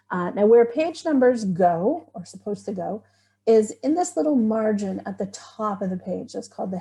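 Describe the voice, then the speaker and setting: A woman's voice: mid-range voice, gravelly, mellow. A middle-aged woman teaching a screen-share tutorial, chatty and thinking aloud as she works. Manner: chatty, thinking aloud, little surprised exclamations. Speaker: writing workshop instructor.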